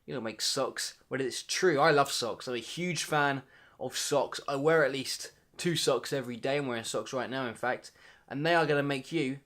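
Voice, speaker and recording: Joking young man talking to camera. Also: normal speed. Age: 20s. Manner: playful, mock-dramatic, jumps between loud bursts and low asides. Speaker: vlogger. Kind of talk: comedic monologue to camera.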